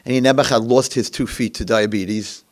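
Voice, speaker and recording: A male rabbi telling a story in a dramatic, animated lecture. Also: mid-range voice, moderate pace.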